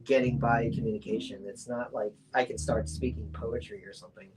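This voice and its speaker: A young man from the States chats through an interview in an unhurried, conversational way. He tells his stories loosely, full of fillers, and slips into little impressions of the people he quotes. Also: medium pitch, rough recording. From United States. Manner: relaxed, acts out quoted voices, many fillers. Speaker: artist, interview guest.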